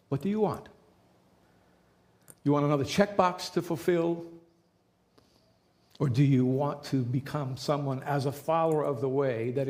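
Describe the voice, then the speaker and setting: A man preaching a sermon as a pastor, talking in a relaxed conversational way and repeating key phrases for emphasis. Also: mid-range voice.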